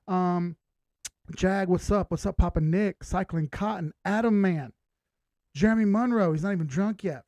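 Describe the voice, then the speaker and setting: A man's voice: sits high, dark tone, no room sound. A man hosting a casual livestream, talking in an upbeat way and greeting his viewers one by one by name. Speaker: livestream host.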